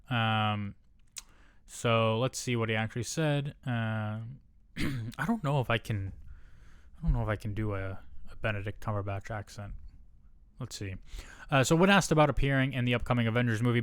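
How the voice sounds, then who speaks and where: A man's voice: mid-range voice, fairly bright tone, no room sound, studio quality. A man hosting a casual entertainment news commentary, with sarcastic and profane asides. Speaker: host.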